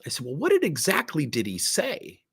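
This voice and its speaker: A man's voice: on the high side, moderate pace, vocal fry, breathy edge. A middle-aged man, a leadership coach, telling workplace stories on a livestream and acting out both sides of each conversation. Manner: animated storyteller, acts out both sides of conversations. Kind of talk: livestream talk with acted anecdotes.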